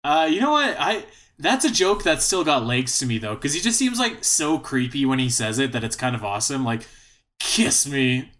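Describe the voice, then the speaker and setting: Bright-voiced man in casual chat. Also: medium pitch, big pitch swings, fairly quick, hardly any pauses. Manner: laid-back, joking, trails off mid-sentence. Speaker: podcast co-host.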